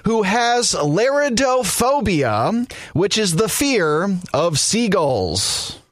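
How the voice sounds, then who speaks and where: A man's voice: sits high, big pitch swings, slow, no echo. A man hosting a radio voice-guessing game, announcing clues and winners. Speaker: radio producer running a game.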